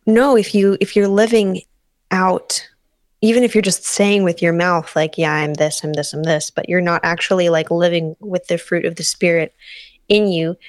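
A thoughtful, low-voiced woman. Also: steady tone, normal speed, dry recording. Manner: thoughtful, searching for words. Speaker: podcast co-host. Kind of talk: casual discussion.

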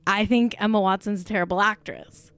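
A woman's voice: medium pitch, steady tone, fairly quick, fairly bright tone, clean tone, no echo. A woman co-hosting a casual podcast chat, gossipy and blunt, peppering her talk with "like.". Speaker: podcast co-host.

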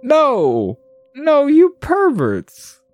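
Man putting on a scared young woman captive, high falsetto, pleading, game heroine, wide swings in pitch. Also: huge pitch swings, drawn-out words, dry recording, faint music behind, full character voice. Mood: outraged.

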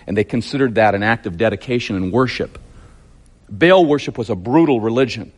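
A man preaching a sermon, telling the story vividly and emphatically with lots of repetition. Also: medium pitch.

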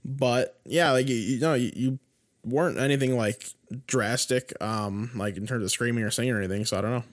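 Dry, teasing young male co-host. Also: mid-range voice. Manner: dry, teasing, halting with fillers. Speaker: podcast co-host. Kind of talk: casual sports podcast chat.

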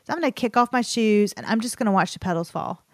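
A woman's voice: medium pitch, fast talker, dry recording, clean studio sound. A pregnant esthetician in her forties co-hosting a podcast, chatting casually and reading an ad. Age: 40s. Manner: relaxed, chatty, spells out web addresses in the ad read. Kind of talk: casual podcast chat with ad read.

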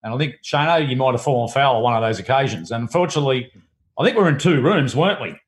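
Aussie guy reminiscing, keeps restarting sentences, mid-pitched voice. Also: animated, rapid-fire. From Australia. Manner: rambling, many restarts and fillers. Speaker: guest, former cricketer and TV producer. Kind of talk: casual storytelling.

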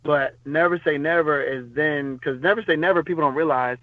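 With a brisk delivery and a voice on the high side, a man who once worked as a bodyguard tells loose, meandering stories as a podcast guest, stumbling through fillers and restarts. The casual interview has no echo but a thin, phone-line tone.

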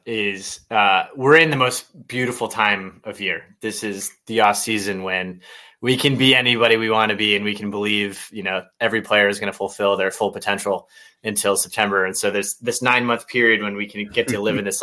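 A man guesting on a sports podcast, talking in casual chat with gushing, excitable fan enthusiasm. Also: on the low side.

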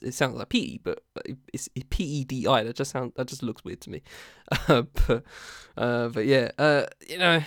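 Smooth-voiced rambling male podcast host. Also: medium pitch, normal speed, few pauses, no echo, clean studio sound. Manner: rambling, hesitant, laughs often. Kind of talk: casual chat.

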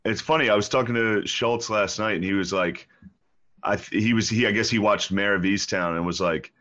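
A man's voice: on the low side, fairly quick, a bit bright, lo-fi sound. A man, a comedian guest on a podcast, talking in a loose, laid-back way that often trails off. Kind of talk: casual chat.

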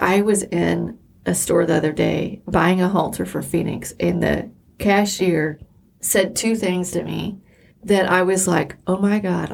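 A middle-aged woman with a fairly low, gravelly voice co-hosts a podcast, sharing personal stories candidly and emotionally in casual chat.

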